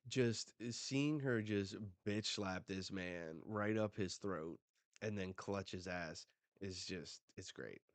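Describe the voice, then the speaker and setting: A man hosting a live manga reading reaction, casual and animated, swearing freely as he gets excited. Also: low-pitched, slow, no echo.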